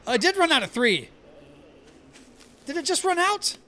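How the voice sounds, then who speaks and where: An extremely high-pitched, sing-song voice, unhurried, bright and forceful, belongs to a streamer from the American South. He chats casually with viewers while playing a survival game live, speaking neutral American except when anger makes him sound Southern.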